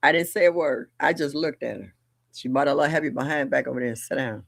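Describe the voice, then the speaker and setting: An older woman hosting a livestream, chatting casually and bluntly, telling family stories with animated delivery and laughter. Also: very deep voice, fast, gravelly, no echo, clean studio sound. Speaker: livestream host. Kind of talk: casual storytelling chat.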